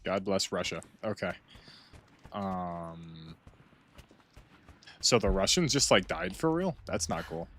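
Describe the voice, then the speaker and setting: Young male streamer, deep and casual, joking play-by-play with slight background noise. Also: expressive, takes it slowly, pauses often, fairly bright tone. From United States. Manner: rambling, joking, playful. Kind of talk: casual gameplay commentary.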